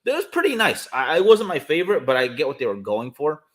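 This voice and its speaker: A man's voice: on the high side, huge pitch swings, quick pace. A man co-hosting a podcast in a casual chat, rambling and enthusiastic, with many fillers. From California. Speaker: podcast co-host.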